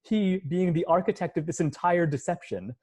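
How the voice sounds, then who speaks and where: A male music professor with a high-sitting, warm and husky voice speaks at normal speed in an online lecture. Using a computer mic on a video call, he explains scenes step by step and hums the lines now and then.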